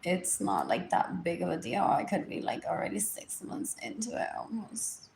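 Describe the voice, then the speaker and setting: A woman's voice: lowish voice, moderate pace, creaky, darkish tone. A woman, rambling through a live-stream monologue, repeating herself and dropping into whispers. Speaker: livestream host. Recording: echoey room, faint background noise.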